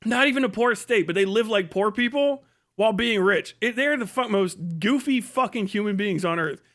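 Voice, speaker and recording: A man's voice: high-pitched, moderate pace, fairly bright tone. A man hosting a livestream, ranting crudely and mockingly, laughing often. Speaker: livestream host. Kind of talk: profane comedic rant.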